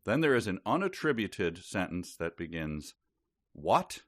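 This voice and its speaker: A man's voice: low-pitched, very animated, normal speed, a bit bright, no echo. A man co-hosting a podcast, talking through an old book in a casual chat with dry, wry humor and easy laughter. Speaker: podcast co-host.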